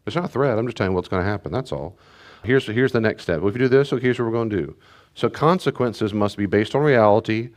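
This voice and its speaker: A man's voice: fairly low pitch, lively intonation, quick pace. A middle-aged man, a pastor, teaching parents in a conversational way, repeating key phrases and acting out parent and child voices. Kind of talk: teaching talk to a church group.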